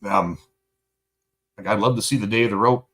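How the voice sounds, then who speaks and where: A Canadian man hosts a loose livestream, rambling from thought to thought. He swears constantly and leans on fillers, and his voice sits fairly low. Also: moderate pace, a bit bright. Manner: rambling, profane, heated, many fillers. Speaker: livestream host. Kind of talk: casual livestream monologue, reading chat.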